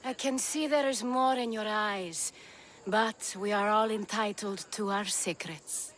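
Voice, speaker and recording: A woman's voice: mid-range voice, fairly even intonation, measured pace, a bit bright, lightly acted. An actress playing a sultry, teasing female brothel madam.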